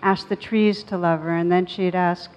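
A woman's voice: lowish voice, fairly even intonation, a little mellow. Thoughtful woman in a dull, reverberant recording. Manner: thoughtful, measured, slows on key words. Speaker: meditation teacher. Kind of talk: reflective storytelling talk. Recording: dull audio with long reverb.

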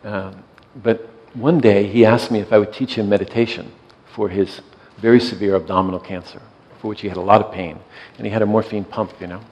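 A man speaking as a meditation teacher in a gentle, soft-spoken way, often letting his voice trail off quietly as he tells a reflective story. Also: fairly low pitch, steady tone, brisk, hardly any pauses, dull audio.

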